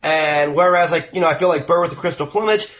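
A man's voice: on the high side, quick pace, fairly bright tone. A man casually discussing films on a podcast, rambling and enthusiastic, swearing now and then. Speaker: podcast co-host.

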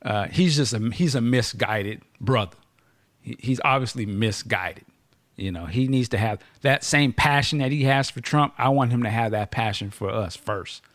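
A man's voice: mid-range voice, no room sound, studio quality. A man hosting a podcast in casual chat, joking and restarting his sentences as he goes. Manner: animated, joking, halting restarts. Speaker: podcast host.

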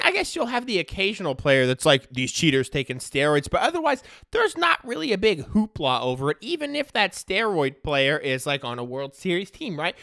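A man's voice: high voice, dry recording, studio quality. A man giving a casual, opinionated sports-talk rant, full of slang and "right?" tags. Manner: animated, slangy, peppered with "right?" and "dude"; opinionated, ranting. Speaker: sports commentator.

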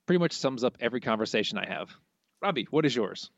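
Male co-host, brisk and amused, dry close mic with a slightly dull tone, casual podcast reading. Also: medium pitch, lively intonation, gravelly, no echo. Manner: quick, amused, laughs often while reading. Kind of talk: casual podcast chat, reading listener quotes.

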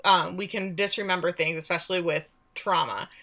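A woman's voice: on the low side, fairly even intonation, a little fast, sharp tone. A woman co-hosting a podcast, recapping a TV series in casual, sarcastic chat and acting out the characters' lines. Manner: chatty and sarcastic, acts out quotes with voices.

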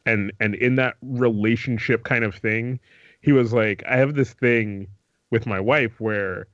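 A man co-hosts a comedy podcast, telling an anecdote in casual, joking chat. He is hesitant, stammering and restarting often, and laughs easily. His mid-range voice is steady and unhurried, with no echo but the highs cut off.

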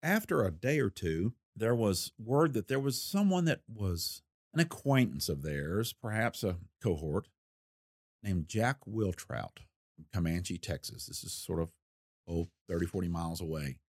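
An older man with a lowish voice tells a true-crime story from his investigating days, unhurried and folksy, with a wry edge. The sound is close and dry. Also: sing-song, no room sound. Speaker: retired federal investigator recounting a case. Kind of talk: storytelling interview.

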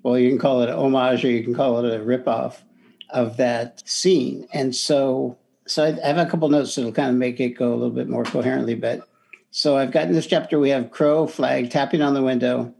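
A man's voice: medium pitch, steady tone, brisk, gravelly, a little mellow. A man co-hosting a podcast, talking about a book in a loose, conversational way with frequent restarts. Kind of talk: casual book discussion.

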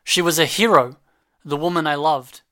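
A man's voice: a little high, normal speed. A man reading as a grieving, menacing cyborg. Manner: quiet, menacing. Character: grieving male cyborg, cold and threatening.

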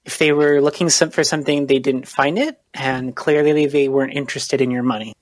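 This is a game master narrating a tabletop role-playing session at an ordinary middle pitch, often pausing on ums and restarting lines. The sound is close and completely dry. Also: fairly even intonation, dry recording. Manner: hesitant, many ums and restarts.

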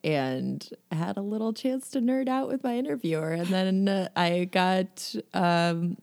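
A woman's voice: medium pitch, unhurried, vocal fry, darkish tone. A woman co-hosting a podcast in casual chat, laughing often and mimicking voices. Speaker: podcast co-host.

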